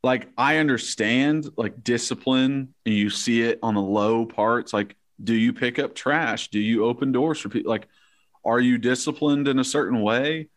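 A man in his thirties, a former college football player, telling stories in an animated, profane way in casual chat. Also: mid-range voice, moderate pace.

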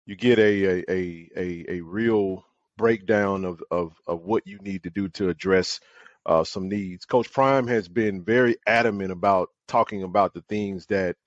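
A man chatting on a casual sports podcast, who repeats himself and talks in a drawn-out way. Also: deep voice, no room sound, highs cut off. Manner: repetitive, drawn-out, lots of "man".

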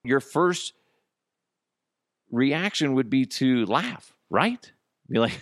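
A man's voice: medium pitch, animated, extremely slow, pauses often, a bit bright, no room sound, clean studio sound. A man hosting a comedy podcast, ranting sarcastically and swearing, sometimes acting out both sides of an argument. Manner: profane, sarcastic, acts out both sides of a dialogue. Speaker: podcast host. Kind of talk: comedic solo podcast rant.

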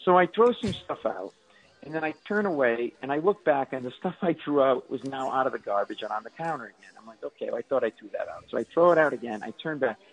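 A man's voice: mid-range voice, animated, quick pace, dull audio. A middle-aged man, a stand-up comedian, telling exaggerated, self-mocking stories as a radio guest. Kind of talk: comic storytelling on radio.

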